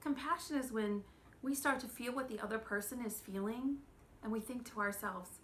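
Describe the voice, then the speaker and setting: A woman in her thirties giving a children's church lesson, gentle and expressive, asking the children questions. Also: on the high side, normal speed, a little hiss or hum.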